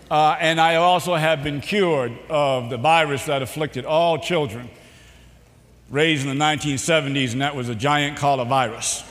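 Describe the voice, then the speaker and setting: A middle-aged man with a Boston accent giving a public speech, telling jokes and his own story with dramatic pauses and "uh" fillers. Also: on the high side, steady tone, slight background noise. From New Bedford, Massachusetts. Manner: warm, joking delivery with dramatic pauses and frequent "uh" fillers. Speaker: keynote speaker. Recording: long hall reverb.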